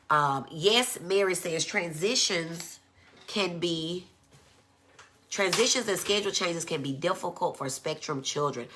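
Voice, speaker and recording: A woman gives a conversational teaching talk in a low voice. Her tone is bright and forceful. She acts out quoted speech in a high voice. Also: moderate pace, a little hiss or hum. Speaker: physician giving a talk. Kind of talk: live-streamed educational talk. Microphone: phone.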